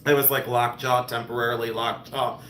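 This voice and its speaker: A man's voice: medium pitch, level tone, fairly quick, a bit bright, reverberant, slight background noise. A man hosting a live-stream jewelry sale, chatting casually and joking and teasing.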